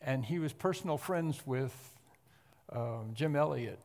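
A man's voice: medium pitch, animated, a little slow, a little mellow. A man preaching a sermon in a church, earnest and emphatic in his delivery. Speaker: pastor. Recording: long hall reverb.

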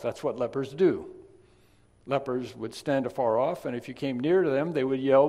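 A man preaching a sermon, chatty in his asides and then emphatic and loud on key points. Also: mid-range voice, normal speed. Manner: conversational, swings from quiet asides to emphatic loud stresses. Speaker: pastor. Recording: long reverb of a large hall.

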